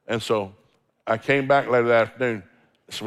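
A man's voice: mid-range voice, fairly even intonation, a little fast, long pauses, smooth. A middle-aged man preaching as a guest speaker, quoting scripture and acting out everyday dialogues in a folksy storytelling manner. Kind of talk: sermon.

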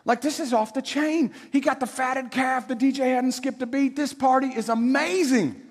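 A preacher putting on a thrilled kitchen servant who gossips in quick slang, the voice pitched high. A long hall reverb trails each phrase. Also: male voice. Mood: gossipy. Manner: chatty, slangy. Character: gossiping excited household servants. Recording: echoey hall.

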